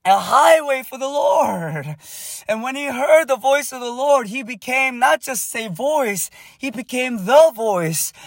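A man preaching a sermon with passion, building to shouted prayer and prophetic declarations. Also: very high voice, no echo.

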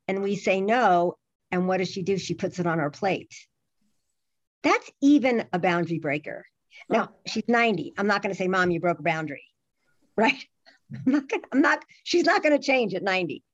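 Middle-aged woman, conversational guest, animated delivery full of fillers, muffled recording. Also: mid-range voice, moderate pace. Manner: animated, many restarts and fillers. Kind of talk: casual chat. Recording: dull lo-fi sound.

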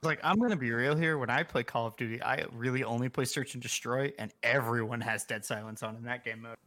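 Man, bright forceful voice, playful, casual chat. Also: mid-range voice, fairly quick, slight background noise. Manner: teasing, playful.

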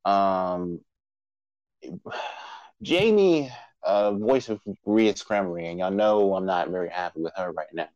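A man's voice: low-pitched, expressive, unhurried, pauses often, darkish tone, no room sound, muffled recording. A man co-hosting a casual podcast, opening with a mock-grand preacher-style intro before loose, chatty talk. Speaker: podcast co-host.

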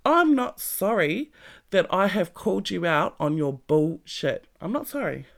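Blunt, creaky-voiced motivational vlogger. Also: mid-range voice, sing-song, unhurried. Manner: blunt, emphatic and profane; speaks straight to the listener with pointed questions. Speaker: self-help vlogger. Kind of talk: motivational monologue to camera.

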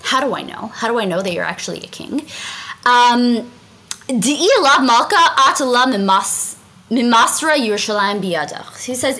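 A woman's voice: on the high side, bright, forceful tone, low-quality recording. A woman teaching a Talmud story in a chatty way, translating Aramaic lines and often asking "right?". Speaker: Torah class teacher.

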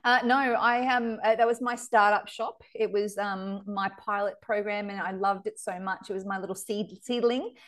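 An Australian woman telling stories in a casual interview chat, animated and laughing often, with excited squeals. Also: medium pitch, moderate pace, hardly any pauses. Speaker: psychic medium and shop owner, podcast guest.

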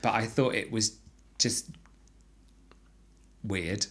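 A woman's voice: slow pace, slightly rough. A woman co-hosting a podcast, chatting casually and reading out odd facts. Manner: chatty, reads facts with lively pitch. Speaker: podcast co-host. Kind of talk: casual chat.

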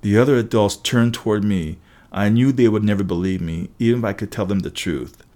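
A man reading an audiobook aloud with steady, brisk storytelling. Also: on the low side. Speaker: audiobook narrator. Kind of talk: scripted audiobook narration.

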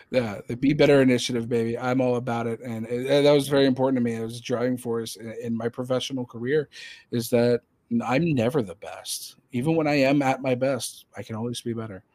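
A man hosting a casual podcast, telling a personal story in a rambling, animated way with many fillers and restarts. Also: medium pitch, brisk, no echo. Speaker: podcast host.

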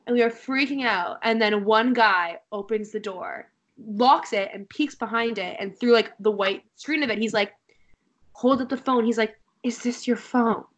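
A young woman in her twenties hosts a casual podcast with a friend. Her voice sits slightly high, and she tells stories animatedly, full of fillers and playful mock drama. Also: normal speed, highs cut off. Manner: animated storyteller, lots of "like", mock infomercial tone. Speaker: podcast co-host. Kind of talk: casual chat, storytelling.

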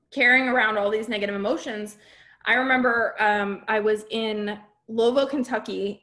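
A woman speaks to a live group in a candid, heartfelt motivational talk. Her voice sits at an ordinary middle pitch. She stresses her points with emphasis and keeps checking that her listeners follow. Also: fairly bright tone. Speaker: podcast host and business coach.

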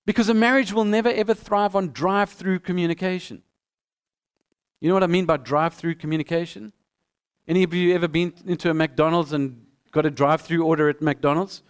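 A middle-aged male pastor preaching a sermon with animated storytelling, acting out both sides of the dialogues. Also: fairly high pitch, brisk, clean tone. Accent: non-American.

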